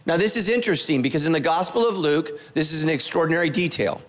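A man's voice: fairly high pitch, animated, fast talker, long reverb tail. A male pastor giving a conversational sermon, repeating phrases and asking the congregation questions. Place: church sanctuary.

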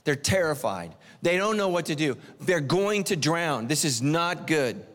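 A middle-aged male pastor delivers a lively, joking sermon with a fairly high voice. He swings his pitch up and down for emphasis. His voice rings with a long reverb through a large church hall. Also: a little slow. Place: church sanctuary.

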